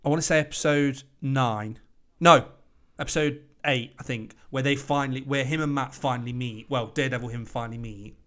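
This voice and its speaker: British man, podcast co-host, casual sweary chat, rambling, middle pitch. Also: brisk. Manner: sweary, rambling, animated quoting.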